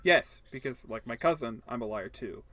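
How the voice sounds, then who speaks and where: A man's voice: mid-range voice, lively intonation, moderate pace, fairly bright tone. A man voicing a stubborn, grumpy middle-aged homeowner who talks in a curt, dismissive way. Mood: gruff, curt.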